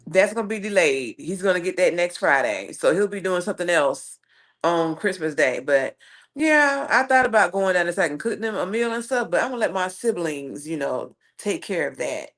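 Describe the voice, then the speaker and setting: A woman with a Southern US accent hosts a casual live stream, reading viewer comments and telling stories in a sassy, animated way. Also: fairly low pitch, moderate pace. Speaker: livestream host.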